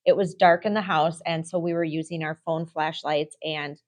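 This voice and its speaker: A woman's voice: deep voice, fairly even intonation, normal speed. A middle-aged woman co-hosting a real estate podcast, telling candid, self-deprecating stories in casual chat.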